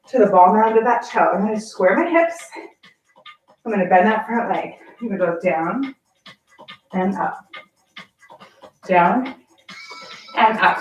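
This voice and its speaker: Breathless woman counting barre reps. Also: medium pitch. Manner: counts reps aloud with short encouraging cues. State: out of breath from exercising. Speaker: barre fitness instructor. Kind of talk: guided workout class cueing. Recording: echoey room, distant mic, faint background music.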